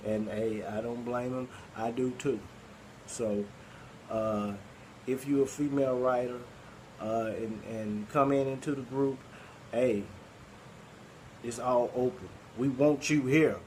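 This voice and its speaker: A man's voice: mid-range voice, fairly even intonation, takes it slowly, pauses often, a little mellow, a little hiss or hum, poor audio. A man with a Southern Arkansas accent hosting a poetry group, talking casually and rambling with many fillers and restarts. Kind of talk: casual live-stream talk.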